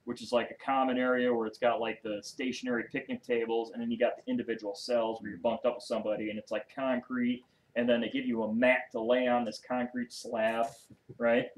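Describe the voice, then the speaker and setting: A man's voice: mid-range voice, level tone, brisk, poor audio. A man guesting on a podcast, telling a long story in a casual, rambling way with constant cursing and side remarks. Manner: heavy cursing, rambling asides.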